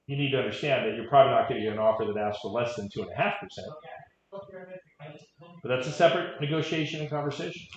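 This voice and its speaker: A man coaching real estate agents in a casual, wry way, telling stories as he teaches. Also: medium pitch. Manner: conversational, wry asides. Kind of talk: training talk with stories. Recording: echoey, dull room audio.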